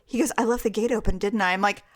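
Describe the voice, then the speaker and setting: A woman's voice: medium pitch, rapid-fire. A woman co-hosting a podcast, telling a story in casual chat and acting out the voices and sounds in it. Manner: animated storyteller, acts out quotes and animal sounds. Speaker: podcast co-host.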